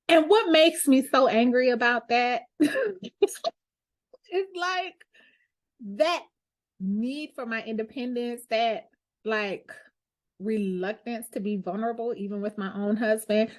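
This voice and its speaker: Candid woman with a higher voice. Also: measured pace. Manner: candid, heartfelt, conversational with fillers. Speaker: lawyer and show host. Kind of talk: personal reflective monologue.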